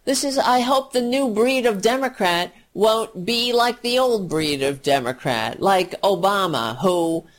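A woman hosting a political talk radio show takes her time with each phrase, drawing words out in an unhurried delivery. Her tone is heated and sarcastic, and she swears freely. She sits right in the middle of the usual range for a woman's voice. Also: mid-range voice, expressive.

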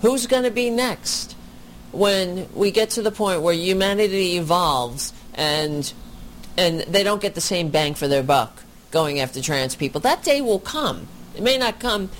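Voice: mid-range voice, lively intonation, unhurried, slight background noise. A commentator reacting to a video, talking with indignant, sarcastic asides.

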